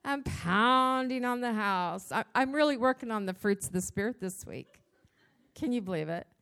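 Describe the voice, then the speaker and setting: At a moderate pace, a woman shares a personal story during a devotional church talk. She is a church speaker whose animated, dramatic telling sends her voice jumping higher and louder.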